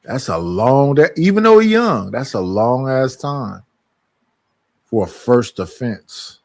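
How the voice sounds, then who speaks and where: A man's voice: mid-range voice, sing-song, slow pace, no room sound. A man hosting a livestream group call, talking bluntly and joking with a lot of swearing. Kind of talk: casual livestream chat.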